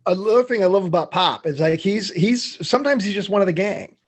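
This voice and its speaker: A man's voice: high voice, brisk, breathy edge. A man co-hosting a podcast in casual chat, joking and swearing as he talks over a film. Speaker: podcast co-host.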